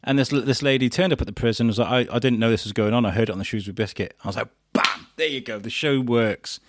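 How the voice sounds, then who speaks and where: A man's voice: mid-range voice, fairly even intonation, racing, background noise. A man from England, a podcast host being interviewed, telling stories casually with many fillers and acted-out quotes. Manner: chatty storyteller, acts out quotes, many fillers and restarts.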